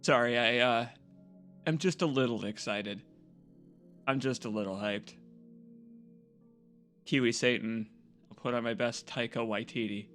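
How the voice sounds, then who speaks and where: Excitable male game streamer chatting. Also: mid-range voice, measured pace, pauses often, soft background music. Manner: excitable, rambling, jokey. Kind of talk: casual live-stream chat.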